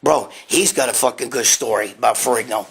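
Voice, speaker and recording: A man from New York talks a little fast in a mid-range voice that is gravelly and somewhat bright with a breathy edge. On his casual live stream he reads comments aloud from his phone, rambling and swearing through his answers to viewers.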